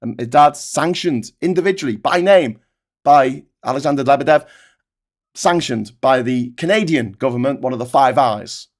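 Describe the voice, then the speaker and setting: Guy ranting on his politics stream, sarcastic, swears a lot, middle pitch. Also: moderate pace. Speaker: host of a political livestream.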